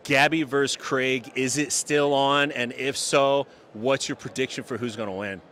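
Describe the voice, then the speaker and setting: A male roving interviewer fires off short, playful questions on the spot. His voice sits in an ordinary middle pitch, and he keeps things brisk. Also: steady tone, fairly bright tone.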